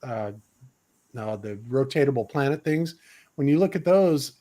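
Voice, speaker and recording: A man of average pitch hosting a casual panel talk. He speaks loosely and thinks aloud, pausing with fillers as he works through what he wants to show. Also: expressive, warm tone. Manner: loose, thinking aloud while sharing his screen. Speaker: host.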